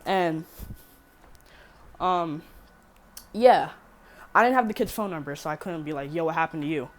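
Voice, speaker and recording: Teen girl vlogging a storytime, kinda low voice, swears a lot, keeps correcting herself. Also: moderate pace. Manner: rambling, swears freely, self-correcting. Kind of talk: casual storytime.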